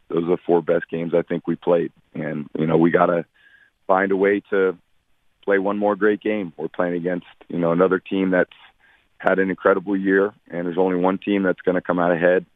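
A man with a low voice calls in to a radio show, and the line sounds tinny and dry. He is in his forties and answers in a measured way, padding his sentences with fillers. He speaks as a guest athlete. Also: no room sound. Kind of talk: radio phone interview.

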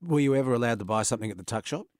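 A man's voice: mid-range voice, expressive, racing, smooth, dry recording, clean studio sound. A man with an Australian accent hosting a radio show, chatting casually and playfully. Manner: playful, enthusiastic, musing aloud. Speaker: radio host. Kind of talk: casual on-air chat.

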